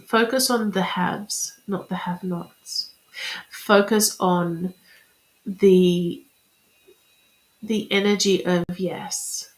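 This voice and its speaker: A woman speaking as a spiritual reader and coach in a chatty, encouraging live-streamed talk, repeating affirmations. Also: medium pitch. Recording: roomy echo.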